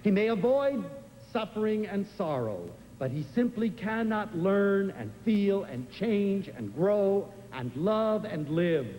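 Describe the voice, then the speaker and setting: Older guy giving a lively talk, high voice, big swings up and down, echoey hall with faint room noise. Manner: expressive, animated storytelling with big swings in pitch. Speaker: lecturer. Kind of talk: inspirational lecture to a live audience.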